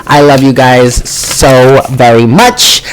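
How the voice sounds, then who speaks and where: A man hosting a casual live stream as a tarot reader, chatty, self-deprecating and quick to exclaim. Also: mid-range voice, noisy background. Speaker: tarot reader and channel host.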